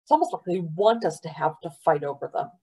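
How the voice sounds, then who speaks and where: A woman's voice: deep voice, expressive, a little fast, warm tone, slightly rough, full character voice. A woman reading aloud, voicing a stubborn, fair-minded boy who speaks earnestly and firmly. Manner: earnest, firm.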